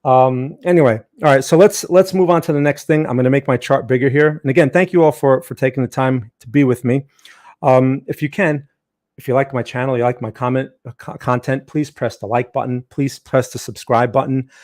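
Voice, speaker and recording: A man's voice: mid-range voice, steady tone, fairly quick, darkish tone. A man hosting a trading livestream, talking casually through market events with joking asides and frequent "right?" checks.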